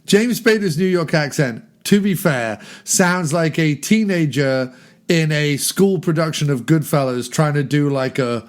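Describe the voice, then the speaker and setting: A man's voice: a little high, measured pace. A man chatting casually about a film, digressive and laughing at his own jokes. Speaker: podcast film discussion guest.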